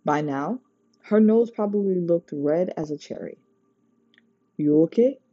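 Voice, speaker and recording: Audiobook narrator, very dark mellow tone, breathy, dull lo-fi recording. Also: medium pitch, normal speed, dry recording. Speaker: audiobook reader. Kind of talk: storybook narration.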